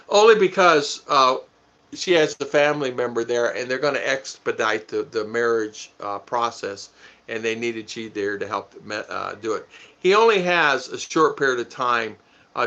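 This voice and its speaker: A man's voice: medium pitch, vocal fry, bright, forceful tone. Chuckling middle-aged man on a lo-fi stream. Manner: chuckling, rambling, thanks viewers by name. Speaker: live stream host. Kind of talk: casual live stream chat reading comments. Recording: dull lo-fi stream audio.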